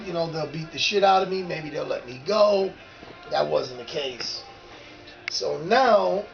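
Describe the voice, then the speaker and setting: Gravelly-voiced man telling a street story. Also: sits high, highs cut off. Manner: animated, profane street talk. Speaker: former graffiti writer. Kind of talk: casual storytelling.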